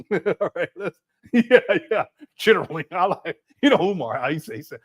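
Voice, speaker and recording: A man's voice: high-pitched, sing-song, unhurried, long pauses. A man hosting a livestream, commenting casually and mockingly while laughing often. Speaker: livestream host.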